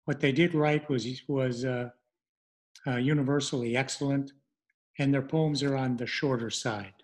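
A middle-aged man presenting an online language lesson, speaking haltingly with many fillers and restarts. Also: mid-range voice, steady tone.

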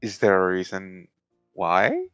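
A man playing a tabletop game, describing his character in a casual, relaxed way. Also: sits low, takes it slowly, dry recording, muffled recording, faint music behind. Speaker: player.

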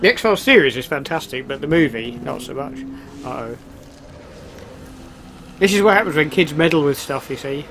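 A man's voice: fairly high pitch, lively intonation, normal speed, long pauses, a bit bright, slight background noise. A man giving casual, wry commentary while starting a video game, with sarcastic asides. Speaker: let's play host.

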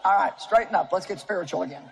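A woman's voice: on the low side, fast talker, creaky. Older woman in her 70s, from Missouri, preaching on stage: folksy, joking, plain-spoken, with faint room noise behind. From Missouri, United States. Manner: folksy, humorous storytelling with audience asides. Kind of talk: sermon to a live audience. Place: stage before an audience.

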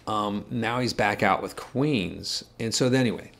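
A man who co-hosts a guitar shop channel, telling a story in casual chat. He rambles, jokes and makes quick asides. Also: lowish voice, vocal fry, a bit bright.

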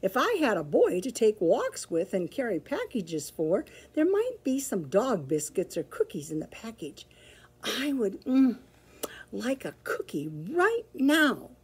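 A woman voicing a small, eager, polite male puppy in a storybook reading, with a squeaky, pleading voice. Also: wildly swooping pitch, slow pace, husky, exaggerated voice.

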